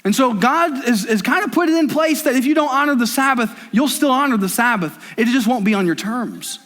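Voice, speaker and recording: A man's voice: very high-pitched, expressive, fairly quick, a bit bright. A man in his thirties preaching a sermon as pastor, emphatic and repetitive, building intensity.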